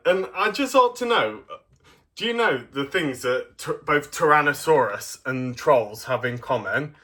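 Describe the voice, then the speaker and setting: Young man, casual toy review, slow and hesitant with many ums, bright voice. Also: medium pitch.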